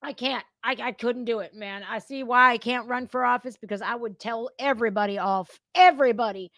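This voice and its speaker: Woman host, high voice, dry close sound, blunt, profane, ranting reaction commentary. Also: fairly quick, a bit bright, dry recording. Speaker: commentator reacting to news clips.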